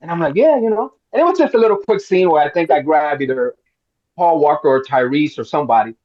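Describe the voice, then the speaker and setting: A middle-aged man from Miami, fairly high-pitched, spins a long story at a roundtable and slips into the voices of the people in it. The sound is a little dull and lo-fi. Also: fast talker. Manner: animated storyteller, acts out quotes. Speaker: actor guest.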